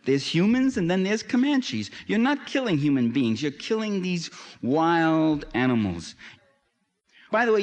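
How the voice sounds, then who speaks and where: A man giving an impassioned public lecture, emphatic, with sardonic asides and fervent peaks. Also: on the high side. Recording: long hall reverb.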